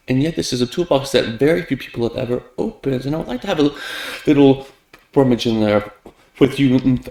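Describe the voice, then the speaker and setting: A man reciting a well-known talk on speaking as practice, stuttering on first sounds and shifting loudness and pitch to make his points. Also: creaky. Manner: lively, with big shifts in loudness and pitch for emphasis. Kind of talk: recited public speech. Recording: echoey room.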